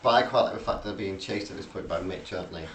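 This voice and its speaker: A fast-talking man with a low but slightly bright voice co-hosts a casual film podcast, hesitantly retelling the plot with lots of fillers and do-overs. The audio is roomy and faint background noise comes through a distant mic.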